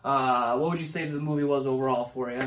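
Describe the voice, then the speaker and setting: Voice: mid-range voice, fast talker, a little hiss or hum. Echoey, rambling podcast co-host. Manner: relaxed and rambling, with many "um"s. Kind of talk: casual movie review chat. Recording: echoey room.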